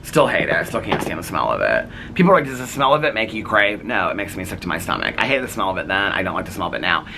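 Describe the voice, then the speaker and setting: A man's voice: sits low, sing-song, fast, vocal fry, noisy background. A man in his forties chatting casually to camera at home in a rambling vlog, full of fillers and little laughs. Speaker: vlogger. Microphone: camera on tripod.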